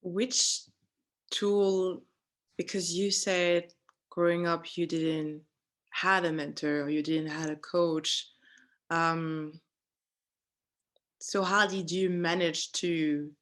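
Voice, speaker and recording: A woman's voice: lowish voice, flat delivery, slow pace, long pauses, a bit bright. A woman interviewer asking thoughtful questions and searching for her words as she goes. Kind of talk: interview conversation.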